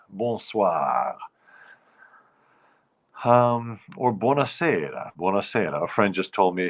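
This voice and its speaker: A man's voice: low-pitched, measured pace, muffled recording. A man hosting his own live show, chatting casually and rambling as he greets viewers by name. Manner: rambling, chatty, self-interrupting. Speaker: host of a nightly live show.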